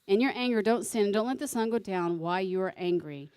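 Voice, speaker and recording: A woman's voice: mid-range voice, brisk, a little mellow, clear, resonant tone. A woman giving a sermon alongside her husband, conversational and teasing as she explains scripture.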